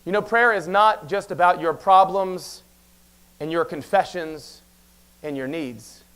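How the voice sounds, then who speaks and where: A man preaching a sermon as pastor, talking very fast and telling stories with quick asides. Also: high-pitched, clear, resonant tone. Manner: animated storytelling with quick asides; talks very fast. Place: church sanctuary.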